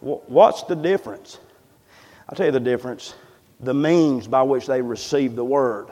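A man preaching a sermon in a church, moving from hushed, low passages to loud, fervent ones. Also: normal speed, big-room sound. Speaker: pastor. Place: church sanctuary.

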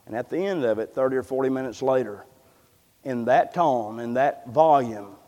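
A man preaching a sermon in a church, moving from hushed, low passages to loud, fervent ones. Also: normal speed, big-room sound, dull audio. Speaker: pastor. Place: church sanctuary.

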